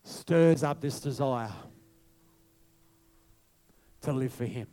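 A male pastor preaching to his congregation, moving from soft, hushed reflection to a rising, passionate appeal. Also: mid-range voice, slow, clear, resonant tone. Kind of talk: sermon over worship music.

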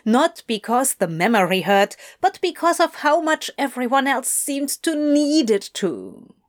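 A woman narrating fiction in an audiobook, reading in a measured, expressive way. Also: high voice.

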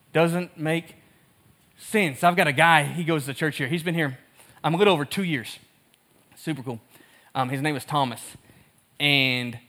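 A man's voice: high-pitched, bright, forceful tone. A man preaching a sermon in a casual, conversational way, telling a story and acting out both sides of the dialogue. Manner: casual and conversational, laughs at himself. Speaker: pastor.

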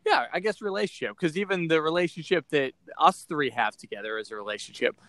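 A man's voice: on the high side, quick pace, a bit bright, no room sound. Candid man from Boston, dry sound. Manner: candid, rambling with frequent fillers. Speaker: podcast host. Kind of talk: casual podcast chat.

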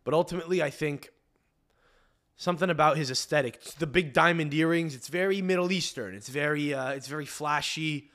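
A male podcast host rants in a loose, rambling comedic monologue. He swears freely, circles back on himself with fillers and restarts, and speaks in a voice a bit higher than most men's. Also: fairly quick, fairly bright tone.

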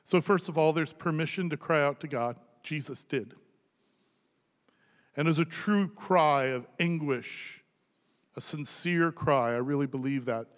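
A man in his thirties preaching a sermon as pastor, impassioned, rising to loud emphasis and dropping to hushed near-whispers. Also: a little high, unhurried. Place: church sanctuary. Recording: long reverb of a large hall.

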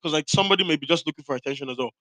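A young man from Ireland co-hosting a casual podcast chat, with loose slangy banter and quick laughs. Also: a little high, fairly bright tone, no room sound, rough recording. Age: young adult. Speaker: podcast co-host.

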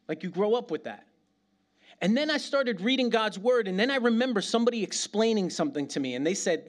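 A middle-aged man from New York City preaching a sermon as pastor, in a lively, conversational way full of slang and asides. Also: high-pitched.

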